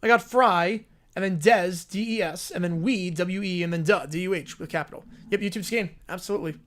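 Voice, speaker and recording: A man's voice: sits high, a little fast, fairly bright tone. A man hosting a casual livestream who chats loosely with viewers and often repeats his own phrases. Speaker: livestream host.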